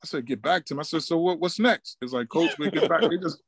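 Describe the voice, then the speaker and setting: A middle-aged man from Newark, a basketball coach telling stories in a relaxed street style and acting out what people said. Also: on the high side, a little fast, husky, dry recording. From Newark, New Jersey. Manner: laid-back street talk, acts out quoted dialogue. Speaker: high school basketball coach, guest. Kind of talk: casual storytelling interview.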